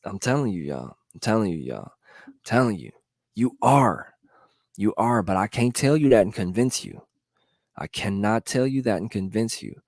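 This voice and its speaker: A man's voice: fairly low pitch, a little mellow, no room sound, clean studio sound. A middle-aged man hosting a motivational live talk, earnestly urging his viewers and repeating his points. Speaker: motivational livestream host.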